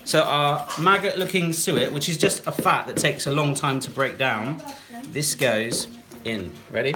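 A man's voice: on the high side, normal speed, background noise. A man in his thirties hosting a casual live cooking demo in his home kitchen, chatting away and reading viewer comments aloud as he cooks. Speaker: cooking live-stream host.

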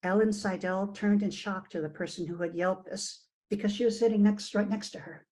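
A woman author reading her own fiction aloud at a virtual event, with expressive, shifting emphasis. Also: mid-range voice, brisk, low-quality recording.

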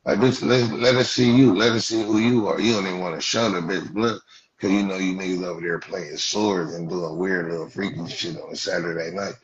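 A man's voice: low voice, steady tone, brisk. A man hosting a livestream with a Los Angeles Black English accent, mocking callers in a profane roast, saying "blood" over and over. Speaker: livestream host. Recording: dull lo-fi stream audio.

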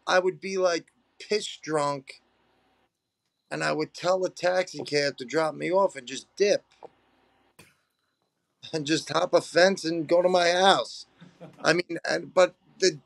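A man's voice: on the high side, vocal fry, no room sound. A man, hosting a podcast, talking bluntly and profanely in casual chat and calling his guest "bro". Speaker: podcast host.

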